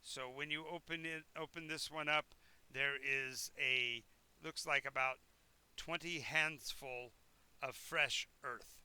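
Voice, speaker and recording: Bright-voiced man running a tabletop game. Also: medium pitch, fairly even intonation, slow, clean tone. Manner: rambling, self-correcting descriptions. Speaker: game master. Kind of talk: narrating a tabletop game live.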